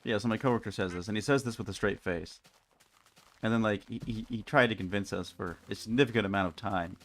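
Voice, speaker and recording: A man's voice: lowish voice, fast. A young man rambling wryly through casual live-stream chat while playing a game, with many restarts. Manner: rambling, wry, frequent restarts. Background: faint music.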